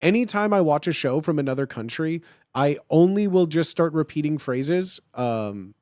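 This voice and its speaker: Rambling Chicago-accented streamer, fairly high voice. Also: male voice, lively intonation, normal speed, a little mellow, no room sound, clean studio sound. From Illinois. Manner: rambling, lots of filler "like". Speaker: live streamer. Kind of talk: casual stream chat.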